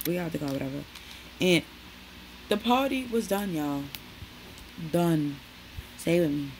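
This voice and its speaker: A young woman talks straight to her viewers in a loose, chatty way, full of "like" and "y'all". Her voice sits a little low, and a faint room hum runs underneath. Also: animated, unhurried, a little mellow, rough recording. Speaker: vlogger. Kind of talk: casual chat to camera.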